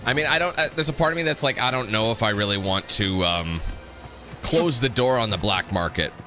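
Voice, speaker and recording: A man's voice: medium pitch, expressive, a little fast, sharp tone, soft background music. A man giving casual, rambling commentary while playing a video game, often correcting himself mid-sentence. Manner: chatty, rambling, self-correcting. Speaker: gaming YouTuber.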